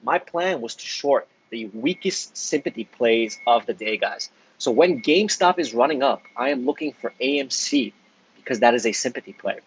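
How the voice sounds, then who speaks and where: A man's voice: mid-range voice, animated, normal speed, breathy edge, low-quality recording. A man, a stock trader, explaining his trades in a blunt, heated, swearing way, often tagging lines with "right?". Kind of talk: casual profane explainer.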